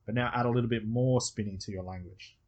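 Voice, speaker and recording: A man's voice: medium pitch, fairly even intonation, fast talker, a little mellow. A man with an Australian accent coaching a student one on one, patiently explaining step by step and acting out example phrases. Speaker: hypnosis coach.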